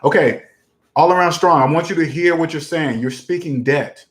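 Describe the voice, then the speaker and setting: A man's voice: fairly high pitch, normal speed, echoey room. A man hosting a personal finance talk, speaking emphatically, repeating catchphrases and firing off rhetorical questions. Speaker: personal finance channel host. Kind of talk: casual direct-to-camera talk.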